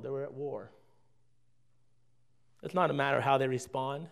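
A man preaching a sermon, asking his congregation rhetorical questions and swinging between loud emphasis and quiet asides. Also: mid-range voice, fairly even intonation, moderate pace, creaky. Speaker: pastor.

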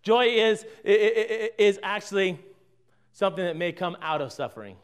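A man preaching a sermon, asking his congregation rhetorical questions and swinging between loud emphasis and quiet asides. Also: sits high, expressive, normal speed, clean tone. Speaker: pastor.

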